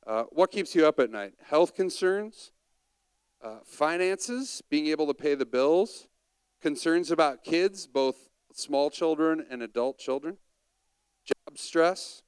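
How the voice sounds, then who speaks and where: A man's voice: a little high, smooth, dry recording. A man preaching a conversational sermon and asking the audience questions.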